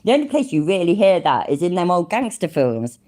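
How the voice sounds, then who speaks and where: A British woman hosts a casual reaction livestream, mocking the person in the clip and reading out chat names. Her voice sits low yet her pitch jumps around a lot as she laughs and jeers. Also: very animated, a little fast, mellow. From United Kingdom. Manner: mocking, laughs often, thanks chatters by name.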